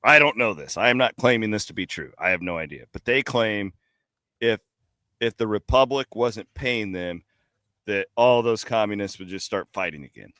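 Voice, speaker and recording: A man's voice: lowish voice, normal speed, dry recording, clean studio sound. A man co-hosting a sports podcast, chatting casually and animatedly, telling travel stories from an airport bar over a remote call. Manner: animated storyteller, laughs at his own stories. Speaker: podcast co-host.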